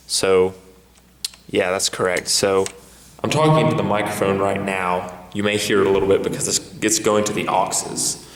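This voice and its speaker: A man with a fairly low voice explains a mixing desk step by step, stopping often and restarting his sentences. His voice carries a long reverb, as if recorded in a large hall. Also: a bit bright. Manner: halting, with many fillers and restarts. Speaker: sound technician. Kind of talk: instructional walkthrough. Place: church sound booth.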